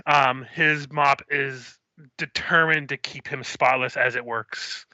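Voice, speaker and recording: A man's voice: medium pitch, fairly even intonation, slow pace, sharp tone, dry recording, highs cut off. A man narrating as game master in a casual manner, with frequent ums. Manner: casual, hesitant with many ums.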